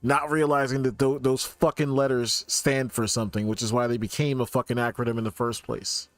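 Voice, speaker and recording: A man's voice: mid-range voice, little pitch movement, brisk, no room sound. A streamer rants in an irritated way with plenty of swearing while he plays and comments. His voice sits mid-range. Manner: profane, irritated ranting.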